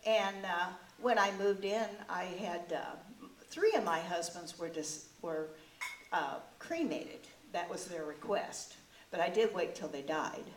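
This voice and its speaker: An older woman, a comic character performer, plays a brassy, self-mocking widow who has had many husbands, speaking in a lowish, unhurried, near-everyday voice. Her stand-up character monologue rambles folksily toward deadpan punchlines. She performs before a live audience in a club meeting room, caught by a distant mic with echo and faint hiss.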